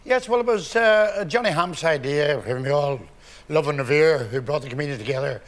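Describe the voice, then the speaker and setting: A man's voice: fairly high pitch, a little fast. A man in his eighties, a comedian guest on a chat show, telling jokes with a chuckle. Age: 80s. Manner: jokey storyteller, chuckling. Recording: studio audience behind.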